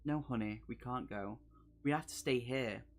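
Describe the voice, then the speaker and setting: A man voicing an eerie impostor who poses as a loved one and speaks softly and calmly. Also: mid-range voice, normal speed, lightly acted. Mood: soothing.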